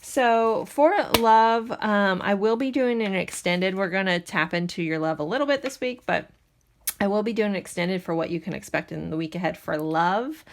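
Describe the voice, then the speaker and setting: A woman's voice: mid-range voice, moderate pace, a little hiss or hum. A woman giving a pick-a-card tarot reading to her viewers, talking in a chatty, rambling, reassuring way. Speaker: tarot reader.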